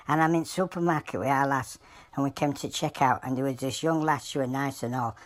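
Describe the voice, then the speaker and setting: A man's voice: fairly high pitch, fairly bright tone, lightly acted. A Yorkshireman voicing a rambling joke-telling animal. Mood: wry. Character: a talking trained animal telling pub jokes. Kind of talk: dubbed comic voice-over.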